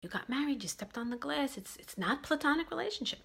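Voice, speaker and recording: A woman's voice: sits high, expressive, quick pace, gravelly, a bit bright. A woman from Brooklyn, giving relationship advice in an emphatic monologue that repeats its key phrases. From Brooklyn, New York.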